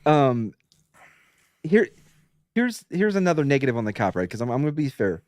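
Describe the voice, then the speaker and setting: A man's voice: medium pitch, normal speed, no echo, studio quality. Laid-back man swapping stories. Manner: relaxed storytelling, drops tone to mimic calm talk, swears freely. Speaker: podcast co-host, former police officer. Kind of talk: casual podcast chat.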